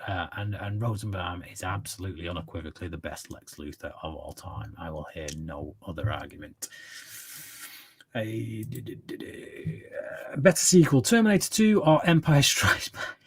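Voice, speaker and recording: A man's voice: low voice, animated, normal speed, husky. Rambling man host of a livestream Q&A. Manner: rambling and opinionated, hums filler syllables while reading chat. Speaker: channel host answering viewer questions. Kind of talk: casual livestream Q&A.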